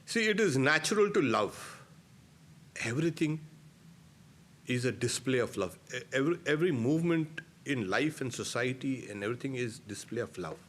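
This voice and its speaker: A middle-aged man, a swami giving a spiritual discourse, emphatic and given to soft laughs at his own points. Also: medium pitch, very animated, normal speed.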